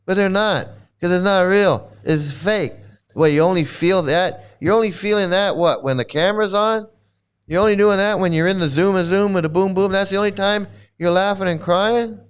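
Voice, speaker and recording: A man's voice: high voice, normal speed, clear, resonant tone. A middle-aged man hosting a livestream, ranting in a mocking, profane way, laughing often and repeating himself. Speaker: livestream host.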